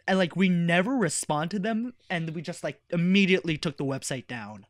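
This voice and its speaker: A man's voice: high voice, lively intonation, brisk, few pauses, no room sound, clean studio sound. A young man guesting on a podcast, chatting casually in a laid-back way, saying "like" a lot. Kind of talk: casual chat.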